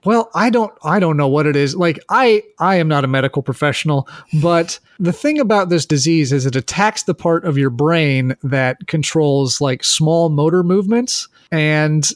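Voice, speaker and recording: A man's voice: fairly high pitch, lively intonation, normal speed, few pauses, no echo, studio quality. A man hosting a podcast who tells a story in a casual chat, hedging often and using "like" a lot. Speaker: podcast host telling the story.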